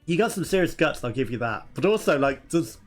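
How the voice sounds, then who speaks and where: Let's-play host, young man, chatty and giggly, fairly high voice. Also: sing-song, brisk. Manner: chatty, laughing, reads game dialogue aloud. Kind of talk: casual gameplay commentary. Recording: game music behind.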